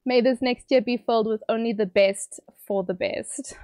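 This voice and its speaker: A woman streamer reading out viewer messages on a livestream, teary and emotional, bubbly and quick to laugh. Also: a little high, fairly even intonation, darkish tone, smooth, dry recording, studio quality.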